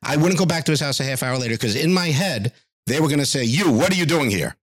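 A man's voice: on the high side, lively intonation, fast talker, dry recording, clean studio sound. A middle-aged man, a music teacher, telling stories in a podcast interview and acting out the voices of people he quotes.

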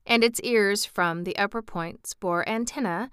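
A woman narrating a classic storybook in an even, measured reading. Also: mid-range voice, smooth, no echo, clean studio sound.

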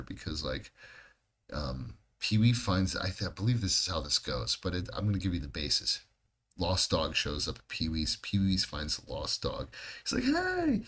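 A man's voice: low-pitched, a bit bright. A man co-hosting a podcast, telling rambling stories in casual chat, swearing heavily and laughing often. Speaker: podcast co-host.

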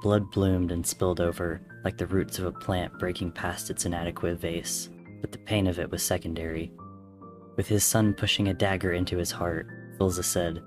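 A man narrating an audiobook-style story in a measured, somber way. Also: sits low. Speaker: story reader. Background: faint music.

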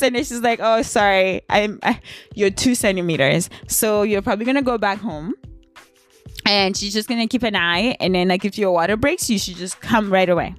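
A young woman casually telling a personal story on her vlog. She laughs often and her voice jumps high when she acts out moments of shock. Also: normal speed, soft background music. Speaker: vlogger.

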